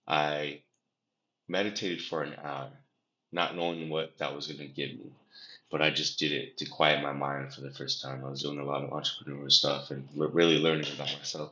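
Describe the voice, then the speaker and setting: A young man, a podcast guest, telling a personal story in an earnest, reflective way, often pausing and restarting. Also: very deep voice, pushed and bright. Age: young adult. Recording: echoey room, dull lo-fi sound.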